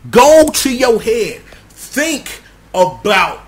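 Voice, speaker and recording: A man's voice: very high voice, very animated, very slow, exaggerated voice. A man voicing a worried young male friend who pleads and lectures earnestly in slang. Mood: lecturing. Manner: slangy, earnest, repeats pleas.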